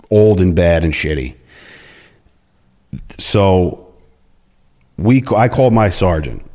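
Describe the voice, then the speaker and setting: Blunt, swearing deep-voiced former prison officer. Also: male voice. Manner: blunt, heavy swearing, animated retelling with quoted dialogue. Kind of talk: casual storytelling in an interview.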